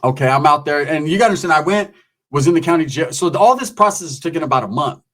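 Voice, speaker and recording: A man tells a story in loose street slang, swearing freely. He acts out every quote and keeps the telling lively. His voice sits a little high for a man. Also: fast talker. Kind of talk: casual storytelling.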